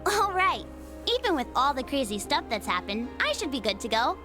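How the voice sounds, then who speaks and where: A woman voicing an energetic, playful teenage girl in a video game, with a teasing, bubbly way of talking. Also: high-pitched, a little fast, music in the background. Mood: cheerful.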